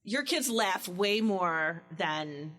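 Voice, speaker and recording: A middle-aged woman co-hosting a podcast, telling stories in a lively casual chat and acting out quotes. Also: fairly low pitch, drawn-out words, soft background music, low-quality recording. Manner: lively storyteller, acts out quotes. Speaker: podcast co-host.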